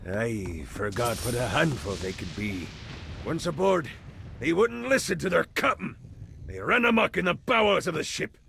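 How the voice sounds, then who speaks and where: An actor playing a boastful pirate captain in hell, with a gravelly, swaggering pirate growl in a video game. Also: male voice, mid-range voice, big pitch swings, moderate pace, fairly bright tone, full character voice. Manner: swaggering, theatrical pirate talk. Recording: gunfire and game noise behind.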